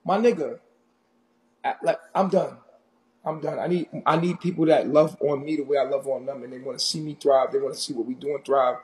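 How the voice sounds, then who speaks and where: A man from Harlem with a New York accent, ranting intensely and confrontationally on a live stream, loud and in your face. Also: mid-range voice, fairly quick. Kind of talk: heated live stream rant.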